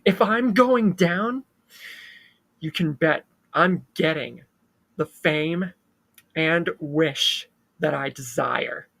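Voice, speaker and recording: The narrator voicing a vengeful young woman slasher, delivered low and quiet, in a slow fan-made story retelling. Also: creaky, heavily acted. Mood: bitter.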